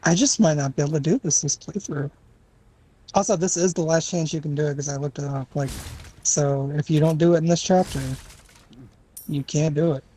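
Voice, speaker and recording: Husky, mellow man chatting about a game. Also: on the high side, fairly even intonation, fairly quick, low-quality recording. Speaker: co-player guest. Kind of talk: casual gaming chat.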